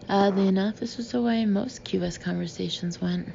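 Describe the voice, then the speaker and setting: A woman narrating a first-person audiobook in a steady, measured way. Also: mid-range voice, creaky. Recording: slightly dull with faint hiss.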